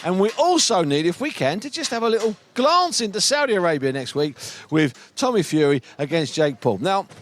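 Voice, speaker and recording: A man's voice: high voice, sing-song, a little fast, hardly any pauses. A man hosting a boxing podcast, chatty and emphatic, rambling between topics. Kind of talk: lively ringside radio chat.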